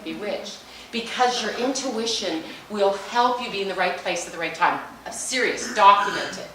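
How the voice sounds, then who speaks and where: Middle-aged woman, lively motivational speaker, higher voice, heard from a distance in a big reverberant hall. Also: slight background noise. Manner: energetic, chatty, jokey and emphatic. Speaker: speaker at a business luncheon. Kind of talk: motivational talk on meditation. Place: large hall. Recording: echoey hall, mic at a distance.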